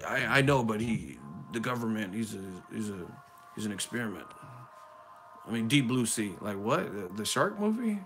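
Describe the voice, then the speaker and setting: A man hosting a boxing live stream, mocking viewers in a profane, fast-riffing rant. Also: fairly low pitch, big pitch swings, a bit bright, soft background music.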